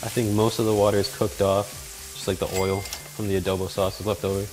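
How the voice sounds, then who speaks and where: A man's voice: fairly low pitch, flat delivery, brisk, over music. Joking man narrating his cooking. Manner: joking, self-mocking, with loud startled outbursts. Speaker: cooking video host. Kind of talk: casual cooking vlog narration.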